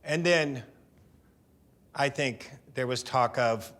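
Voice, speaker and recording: A man interviewed for a documentary, telling stories in a lively, profane way and acting out what others said. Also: mid-range voice, drawn-out words, long pauses, a little hiss or hum. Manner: lively, profane storyteller who acts out quotes. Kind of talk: animated anecdote storytelling.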